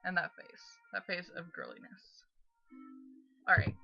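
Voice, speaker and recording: A woman's voice: lowish voice, huge pitch swings, measured pace, vocal fry, muffled recording, faint music behind. A young woman chatting casually as she plays through a game, rambling and giggly. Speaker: let's play host. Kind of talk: casual gaming commentary.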